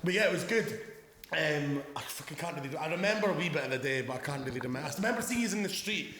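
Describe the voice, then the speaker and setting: A man's voice: on the high side, expressive, fast talker, a bit bright, slight background noise. A young Scottish man hosting a podcast in casual chat, swearing freely and laughing through his stories. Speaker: podcast host. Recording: roomy with long reverb.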